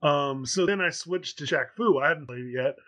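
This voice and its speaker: A podcast host in his thirties with a slightly high voice, chatting casually. He tells a long story in a loose, rambling way, full of ums and uhs. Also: moderate pace, a bit bright. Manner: rambling anecdotal storytelling with many fillers. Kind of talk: casual chat.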